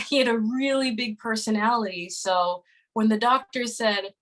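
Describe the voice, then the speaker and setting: A woman's voice: on the high side, steady tone, normal speed, fairly bright tone, rough recording. A woman in her thirties speaking as a podcast guest, telling a story casually and earnestly, with many fillers and restarts. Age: 30s.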